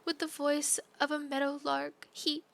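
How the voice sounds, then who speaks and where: A woman voicing a melodramatic lovesick young maiden from a dark fairytale game, breathy and tearful. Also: high voice, completely flat delivery, unhurried, a little hiss or hum, voice pushed up. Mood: tearful pining.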